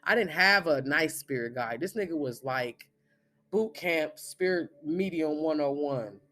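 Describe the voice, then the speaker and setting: A man's voice: fairly high pitch, animated, a little slow, bright, forceful tone. A man in his thirties, a spiritual reader, giving a blunt, profane, emphatic monologue. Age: 30s.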